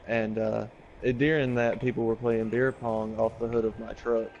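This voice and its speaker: A man telling a story in a halting, laid-back way, full of fillers. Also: medium pitch, little pitch movement, a little mellow, dull audio, slight background noise. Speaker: friend on a gaming stream. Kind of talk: casual storytelling.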